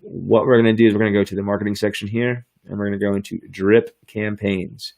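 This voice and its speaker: A man with a fairly low voice hosts a podcast and demos software on screen. He talks in hyped, slangy sales patter and laughs often. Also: level tone, fast talker, gravelly. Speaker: podcast host. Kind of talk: screen-share software demo.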